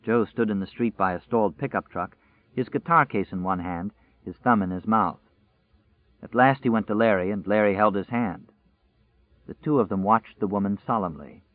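A man narrating a novel in a measured, even storyteller's voice, pitched a little low. The sound is dead dry. It has a narrow, tinny band like a phone line. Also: dry recording. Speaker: audiobook narrator.

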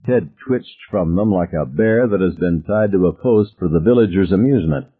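Husky male narrator, phone-like audio. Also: low-pitched, moderate pace. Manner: vivid first-person storytelling, voices characters.

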